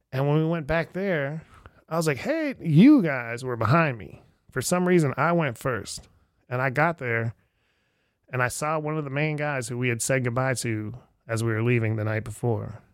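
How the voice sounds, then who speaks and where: He speaks at a normal speed in a mid-range voice, the studio sound clean with no room tone. A middle-aged man, perhaps a podcast guest or host, he shares old travel tales with a friend indoors, animatedly voicing the people he quotes amid many "like" fillers.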